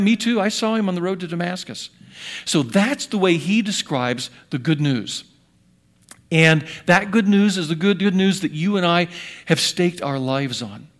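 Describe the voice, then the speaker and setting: A man in his sixties preaching a sermon in an earnest voice, rising to loud emphasis and dropping to hushed asides. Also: high voice. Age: 60s. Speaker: pastor.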